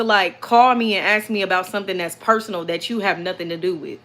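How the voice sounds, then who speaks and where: A young woman vlogger chatting casually to viewers, animated and repeating herself as she tells a story. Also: mid-range voice, fairly quick, few pauses.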